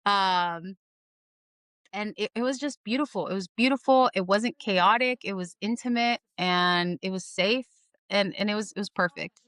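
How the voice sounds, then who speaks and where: A woman's voice: medium pitch, normal speed, a bit bright, dry recording, studio quality. A young adult woman, a podcast guest, telling her story in casual, earnest speech and repeating phrases for emphasis.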